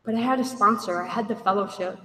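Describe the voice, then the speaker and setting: A woman's voice: medium pitch, fast talker, fairly bright tone. A woman shares her recovery story with a meeting in plain, candid words. She acts out the dialogue with a raised voice. Her voice rings in a big reverberant hall, picked up from some distance. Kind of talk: personal recovery story told to a group. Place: meeting room. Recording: echoey hall from far off.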